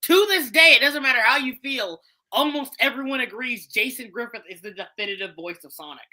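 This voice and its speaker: Bright, lively casual woman. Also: fairly high pitch, fairly quick. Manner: blunt, profane, animated. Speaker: podcast co-host. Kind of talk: casual chat about voice casting.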